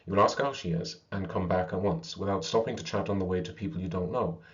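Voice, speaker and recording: A man's voice: sits low, quick pace, natural voice. A man voicing a careful mother giving firm instructions in a storybook read, on a slightly dull recording. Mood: instructing.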